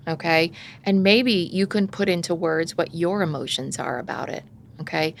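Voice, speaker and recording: A middle-aged woman talks through parenting advice in a relaxed, conversational way. Her voice sits low with a gravelly edge. Now and then she acts out a stressed parent or an upset child. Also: moderate pace, slight background noise. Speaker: parenting podcast guest expert. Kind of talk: casual advice chat.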